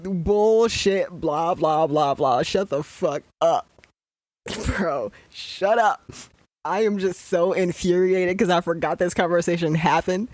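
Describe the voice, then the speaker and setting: A young adult podcast host talks through a show in a loose, swearing rant, worked up and exasperated. The voice sits at an ordinary middle pitch, recorded close and dry with no room sound. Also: slow pace, a little mellow, no echo. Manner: ranting, profane and exasperated. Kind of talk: casual show commentary.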